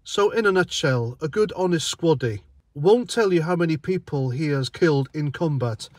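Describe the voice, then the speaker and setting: A man's voice: fairly high pitch, expressive, normal speed, dry recording. A British man and army veteran giving a blunt, sarcastic opinion monologue and laughing often. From United Kingdom.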